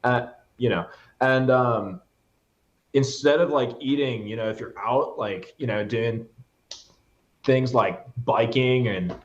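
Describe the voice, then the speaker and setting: Brief: man plays a very slow, drawling, spaced-out guy, dull lo-fi call audio. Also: medium pitch, close to an everyday voice. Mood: mellow. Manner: drawling, halting, filler-heavy. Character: slow, spaced-out male auditioner. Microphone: video call.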